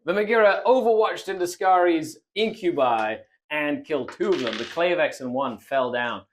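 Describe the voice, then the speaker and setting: A man calls a tabletop battle turn by turn. His voice sits a little high, and its pitch swings widely. He laughs often and throws in playful exclamations. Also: animated, normal speed, slight background noise. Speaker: host and player. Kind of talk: tabletop battle report commentary.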